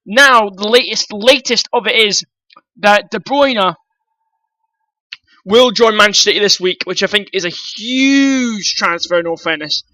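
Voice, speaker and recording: A man's voice: high-pitched, unhurried, bright, forceful tone, dry recording, low-quality recording. A man ranting bluntly about football transfer news to his viewers, swearing freely and calling them guys. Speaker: football vlogger. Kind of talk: opinionated transfer-news rant.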